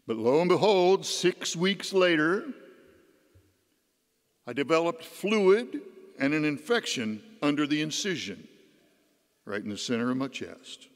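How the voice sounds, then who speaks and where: A man's voice: on the high side, sing-song, a little slow, pauses often. A man, a deacon, giving a homily as a folksy personal story, his voice rising and dropping. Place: church. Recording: long church reverb.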